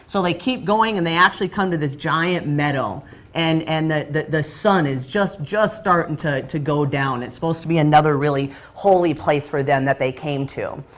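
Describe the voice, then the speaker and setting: A man's voice: on the high side, normal speed, few pauses, fairly bright tone. A man leading a training session, telling a story freestyle while drawing, loose and chatty with many fillers and restarts.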